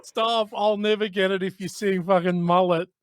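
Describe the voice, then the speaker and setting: High-voiced man, flustered. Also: little pitch movement, fairly quick, clean tone. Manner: exclamatory, flustered banter. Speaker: podcast co-host. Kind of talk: casual chat.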